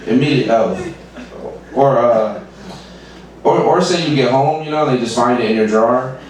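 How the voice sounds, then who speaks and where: A man's voice: medium pitch, moderate pace, far from the mic. A man doing a loose, rambling stand-up set at an open mic, stumbling over restarts and chuckling at his own lines. He sounds set back from the microphone in a very echoey club room with a faint hum of ambience. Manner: rambling, laughs at own jokes, many restarts. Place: small comedy club stage.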